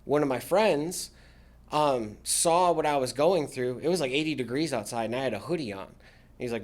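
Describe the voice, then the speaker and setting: A man's voice: mid-range voice, fairly quick, a little mellow. A man speaking as a podcast guest, a military veteran talking candidly about his recovery with dry sarcastic humor. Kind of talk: candid casual interview talk.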